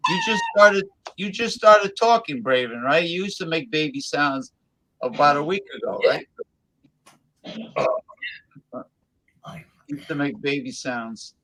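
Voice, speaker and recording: A man hosts a loose livestream chat in a fairly high voice. He stumbles through restarts and fillers and repeats himself to keep the floor. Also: animated, pushed and bright, low-quality recording. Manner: halting, restarts with many fillers. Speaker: livestream host.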